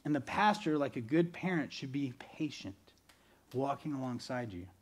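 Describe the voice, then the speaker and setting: A man preaching a sermon as pastor, animated, swinging between loud bursts and quiet, earnest stretches. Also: mid-range voice, moderate pace.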